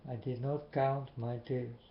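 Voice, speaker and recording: Man talking very slowly and earnestly straight to camera, muffled echoey recording. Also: medium pitch, level tone. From Netherlands. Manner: slow, repetitive, earnest questioning. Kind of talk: slow earnest monologue to viewers. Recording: muffled, echoey room with faint hiss.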